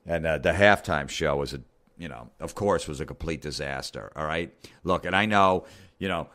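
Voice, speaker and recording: Low-voiced middle-aged guy ranting on his podcast, swearing a lot, sarcastic. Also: normal speed, a bit bright. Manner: profane, sarcastic, mocking impressions. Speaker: podcast host. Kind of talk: comedic rant.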